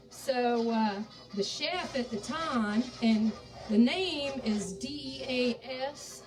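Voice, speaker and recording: A woman's voice: on the high side, animated, unhurried, recorded from a distance, poor audio. A woman from Charleston with a Southern American accent, hosting a live cooking demonstration in a home kitchen and chatting folksily to her viewers as she cooks. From Charleston, South Carolina. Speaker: cooking show host. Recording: voice a bit off-mic with faint music behind.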